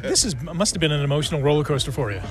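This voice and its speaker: A man's voice: on the high side, expressive, rapid-fire, music in the background. A male local news reporter describing an event and interviewing a guest in a conversational way, with frequent filler words.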